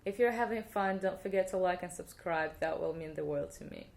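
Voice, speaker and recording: Here a language teacher speaks in a low-leaning voice with vocal fry and a darkish tone. Carrying a Russian accent, she plays through an alphabet lesson on video, slowly modeling each sound and repeating it for her audience.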